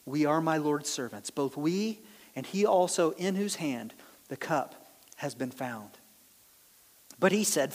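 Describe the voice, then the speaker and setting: A male pastor reads scripture and explains it, acting out how the characters react. His voice sits high and swings widely in pitch. The sound rings with the long reverb of a large hall. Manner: animated, acts out the characters' reactions. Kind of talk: sermon reading and explaining scripture.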